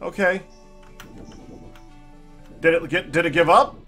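A man's voice: fairly high pitch, steady tone, slow pace, bright, forceful tone, soft background music. A man giving live commentary on his own gameplay, talking frantically, stammering and turning sarcastic when things go wrong. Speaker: gaming channel host.

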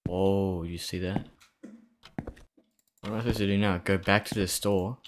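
Jumpy low-voiced man playing a horror game. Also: steady tone, normal speed, slight background noise. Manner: jumpy, talks back to the game, nervous laughs. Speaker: game streamer. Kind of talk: let's play commentary.

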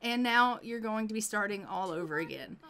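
Playing a life-simulation game, this woman narrates casually and talks right to the characters in a chatty let's-play style. Her mid-range voice is expressive, fairly quick, pushed and bright.

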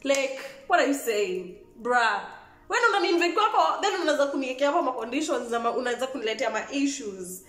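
Animated Kenyan woman, exasperated storytelling. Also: high-pitched, quick pace, echoey room, faint music behind. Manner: animated, exasperated, code-switching, profane. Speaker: vlogger. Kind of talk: storytime vlog.

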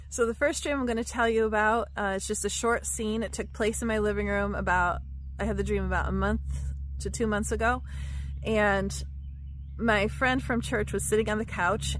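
A woman giving a reflective devotional teaching about her dreams, speaking softly and pausing with fillers. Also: mid-range voice. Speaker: Christian teacher sharing dreams.

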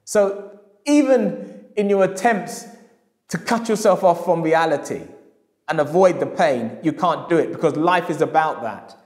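A man's voice: on the high side, lively intonation, measured pace. A middle-aged male historian giving a public lecture, with emphatic repetition and acted quotes when he tells a story. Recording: echoey hall.

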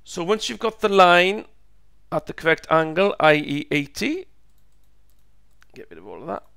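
A man teaching a step-by-step physics lesson, slow and patient, repeating each step, his voice croaky and going hoarse. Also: fairly high pitch, expressive, sharp tone, no room sound, clean studio sound. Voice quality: gravelly, croaky.

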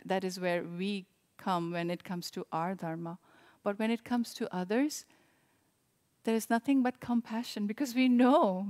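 Woman, mid-pitched, soft reflective sermon delivery, warm and unhurried. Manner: gentle, reflective, with frequent restarts. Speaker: service leader.

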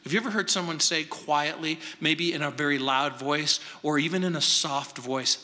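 A man preaching a verse-by-verse sermon as pastor in a large church, speaking deliberately with dramatic pauses and emphatic repetition. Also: on the high side, sharp tone. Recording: long reverb from a large hall.

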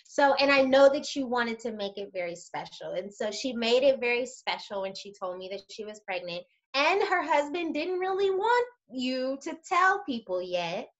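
A woman with a somewhat high voice tells stories with energy and talks straight to her viewers. The sound is a bit dull and muffled. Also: moderate pace, hardly any pauses. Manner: animated storyteller, addresses viewers directly. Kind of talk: casual chat.

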